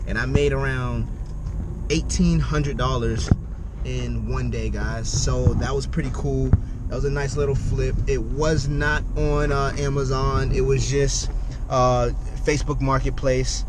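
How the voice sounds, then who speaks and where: Man, young adult, casual car vlog, excitable, repeats himself, middle-pitched voice, faint car hum. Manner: excitable, repetitive, addresses viewers as family. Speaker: vlogger. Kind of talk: casual vlog talk to camera. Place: in a vehicle, driving.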